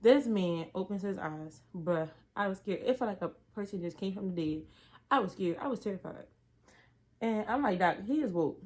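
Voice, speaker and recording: A young woman tells a story from work in a laid-back vlog, in a voice of ordinary, middle pitch. She is animated and slangy and leans hard on her emphasis. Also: normal speed.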